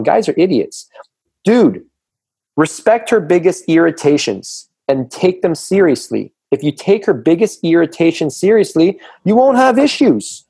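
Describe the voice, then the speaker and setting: A middle-aged man speaks as a fitness coach on a podcast, with a mellow, slightly husky voice. He drives his points home emphatically and slips into quoted voices to act out arguments. The sound is close and dry. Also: fairly high pitch, no echo. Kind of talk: casual podcast conversation.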